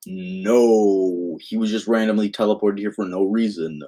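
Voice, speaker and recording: A man's voice: fairly low pitch, steady tone, normal speed, warm tone. A young man casually improvising a fan story, rambling and often interrupting himself. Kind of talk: improvised fan-fiction narration.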